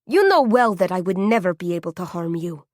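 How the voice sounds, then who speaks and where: Woman doing Death, a deep raspy knight. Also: brisk, no echo, studio quality. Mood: calm, patient. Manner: calm, patient, chiding.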